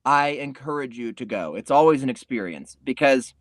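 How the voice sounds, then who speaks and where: A man's voice: medium pitch, lively intonation, moderate pace, no room sound. A man rambles through a comedy podcast monologue in a laid-back way and drops casual swears. His voice sits in a middle range, and the recording is dry, with no room sound. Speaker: podcast host.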